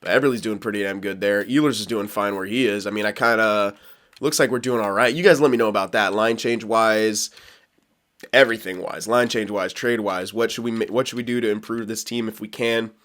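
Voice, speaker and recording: A man's voice: fairly low pitch, fairly bright tone. A man talking his way through a hockey franchise game for his channel. He rambles off on tangents and laughs at himself while he sorts his lineup. His tone stays loose and chatty throughout. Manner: rambling, self-aware, quick to laugh; talks to viewers while managing a hockey franchise. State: hiccups. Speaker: gaming YouTuber. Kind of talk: casual gameplay commentary.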